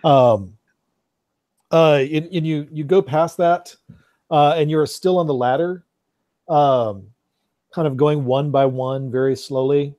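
A man narrating a tabletop game as game master over an online call, relaxed and halting as he searches for words. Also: on the high side, dry recording.

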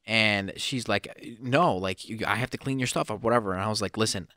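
A young man on a podcast, telling stories in a casual chat, laughing often and breaking into sudden loud bursts. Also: fairly low pitch, a little fast, slight background noise. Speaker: podcast co-host.

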